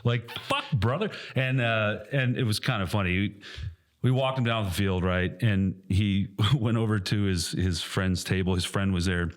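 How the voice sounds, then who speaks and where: A man in his thirties, co-hosting a casual podcast, telling an animated story, swearing often and acting out quotes loudly. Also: lowish voice, moderate pace. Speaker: podcast co-host and airsoft field staff.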